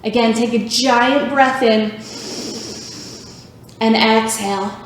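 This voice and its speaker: A woman's voice: fairly high pitch, steady tone, slow, a little hiss or hum. A woman leading a children's yoga class, cheerful and encouraging, making animal sounds to guide the poses. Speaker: youth yoga instructor. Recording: very echoey room.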